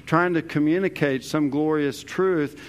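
A man teaching through a Bible passage verse by verse, slowing down and stressing key words. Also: fairly high pitch. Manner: slow, deliberate, leans hard on key words.

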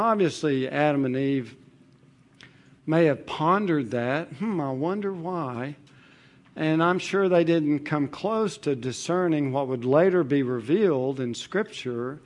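Guy preaching a bible sermon, slightly higher voice, measured and emphatic, lots of repeating for effect. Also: darkish tone. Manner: measured, emphatic, rhetorical questions and repetition.

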